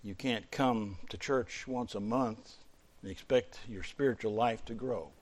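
A middle-aged man preaching a sermon, a pastor whose voice climbs to emphatic peaks and then falls low and quiet. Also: a little slow. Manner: preaching with sudden surges in pitch and loudness, then dropping low.

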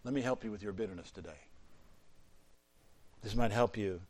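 A man preaching a sermon, swinging between loud fervent peaks and quiet low asides. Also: normal speed.

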